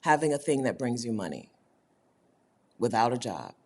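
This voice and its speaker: Livestream host, woman, low voice with lively swings, chatty and quick to laugh. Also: a little hiss or hum. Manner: chatty, laughs often, talks straight to viewers. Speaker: host of a livestream for her community. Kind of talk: casual livestream chat, reading viewer comments.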